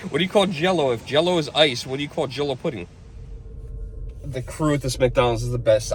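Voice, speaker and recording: A man's voice: on the high side, a little hiss or hum. A man talking casually to camera in a rambling, chatty way, often chuckling between stories. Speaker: vlogger.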